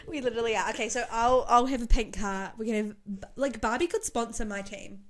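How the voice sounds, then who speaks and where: Young woman, casual co-host, chatty, giggly, quick bursts. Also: a little high. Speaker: podcast co-host. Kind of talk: casual chat.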